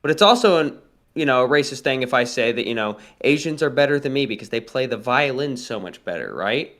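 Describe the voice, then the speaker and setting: A man's voice: mid-range voice, expressive, a little fast, a bit bright. A man co-hosting a livestream chat, lecturing bluntly on a topic and often checking in with "all right?". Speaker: livestream co-host. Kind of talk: casual political chat.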